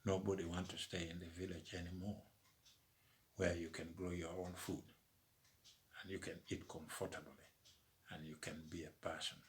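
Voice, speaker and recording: A man's voice: sits low, flat delivery, normal speed, long pauses. A man delivering an emphatic opinion monologue with a preaching cadence. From Uganda. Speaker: commentator.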